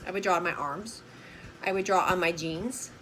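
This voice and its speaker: A woman's voice: on the low side, moderate pace, a bit bright, a little hiss or hum, low-quality recording. An older woman with grandchildren, chatting in a bubbly, casual way as she shows a simple art journal craft, repeating words like "super" and asking "right?".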